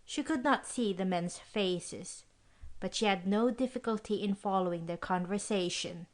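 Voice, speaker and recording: A woman narrating a classic mystery audiobook in an even storytelling manner. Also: mid-range voice, moderate pace. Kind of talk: scripted narration.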